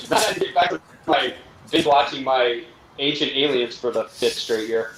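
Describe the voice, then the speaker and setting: A man's voice: mid-range voice, lively intonation, moderate pace. A man, co-host of the show, telling a funny story in casual chat and acting out both sides of it. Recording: echoey room with faint noise.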